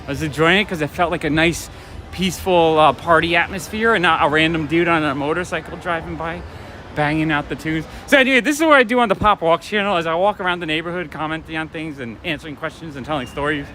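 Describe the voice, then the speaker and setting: A man walks outdoors through the city for his casual vlog, a toy shop owner sharing chatty, rambling stories with laughs. His voice is fairly high and sharp, his pace fast, with a little hiss or hum in the recording.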